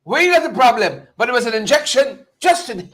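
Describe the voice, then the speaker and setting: A man hosting a live political talk show, talking straight to viewers in a mocking, animated way. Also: very high-pitched, fast talker. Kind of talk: casual live-stream commentary.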